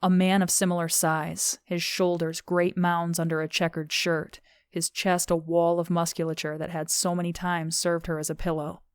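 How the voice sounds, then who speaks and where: Woman reading an audiobook, low and pretty flat, smooth voice, dry close mic. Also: no room sound. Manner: steady, measured reading. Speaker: audiobook narrator. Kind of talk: scripted narration of a thriller novel.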